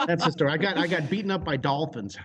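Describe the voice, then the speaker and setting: An American man with a husky, slightly breathy voice pitched a little above the usual for men. He is a drawing teacher who tells his stories with exuberant energy, breaking into laughs and shouted sound effects. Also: quick pace. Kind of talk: animated storytelling.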